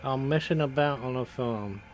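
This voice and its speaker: A Scottish game streamer with a mid-range voice gives casual live commentary at normal speed, chatting to viewers. He's jokey, laughs at his own mistakes, and hums along, though the audio is poor with slight background noise.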